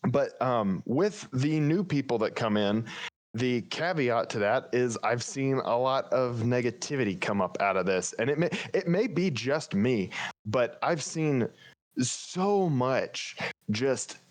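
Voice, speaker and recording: A man co-hosting a casual podcast, talking candidly and thinking aloud as he goes. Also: medium pitch. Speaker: podcast co-host.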